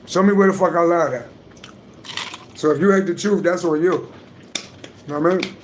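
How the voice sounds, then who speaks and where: A man's voice: fairly high pitch, normal speed, slight background noise. A man, hosting a livestream and talking bluntly and emphatically with heavy profanity. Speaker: livestream host, astrology reader. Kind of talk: casual livestream talk.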